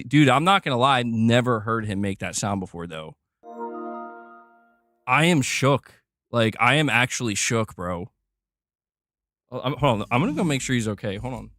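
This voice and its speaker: Lively joking man streaming live. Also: medium pitch, dry recording, clean studio sound. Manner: loose, profane, joking. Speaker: livestream host. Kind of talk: casual livestream chat.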